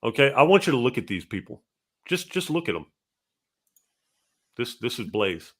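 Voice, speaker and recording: Lively man in casual banter. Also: mid-range voice, moderate pace, slightly rough. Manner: animated, swears and then apologizes for it. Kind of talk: casual chat.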